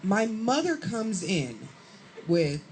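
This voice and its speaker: A woman comedian telling a profane stand-up story with lively acted-out quotes. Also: medium pitch, takes it slowly, slight background noise, low-quality recording. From Chicago area, USA. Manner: profane, animated, acts out quotes.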